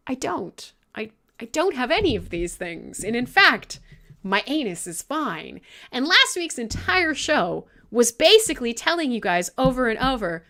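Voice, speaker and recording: Woman host from Canada, high and bright voice, animated, loose swearing live-show chat. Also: normal speed. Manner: swearing, laughing, joking.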